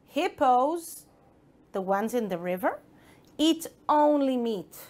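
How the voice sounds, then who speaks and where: A woman's voice: high voice, animated, slow pace, darkish tone. A woman with an Israeli accent teaching an English lesson to children, encouraging them and asking them questions. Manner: encouraging, addresses pupils directly with questions. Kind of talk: broadcast school lesson for children.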